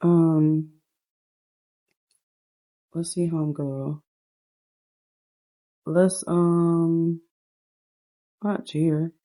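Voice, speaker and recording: A woman's voice: deep voice, flat delivery, very slow, long pauses, dark tone. A woman casually narrating a life-sim game story, chatting to viewers with fillers along the way. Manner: chatty, addresses viewers as "you guys".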